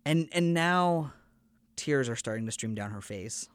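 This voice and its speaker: A man's voice: medium pitch, lively intonation, a little slow, clean tone, dry recording. A man hosting a podcast, telling a personal story in an earnest, conversational way. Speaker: podcast host.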